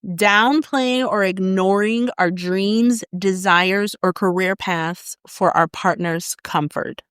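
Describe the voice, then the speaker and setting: A woman co-hosting a podcast in casual chat, leading the talk through topics with lively, animated delivery and quick murmurs of agreement. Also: mid-range voice, clean tone, no room sound, studio quality. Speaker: podcast co-host.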